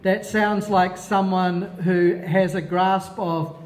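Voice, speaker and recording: High-pitched guy teaching scripture, slow and excitable, lots of reverb. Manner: animated, exclaims and asks himself questions, drops Hebrew words. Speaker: teacher leading a Bible study. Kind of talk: expository Bible teaching.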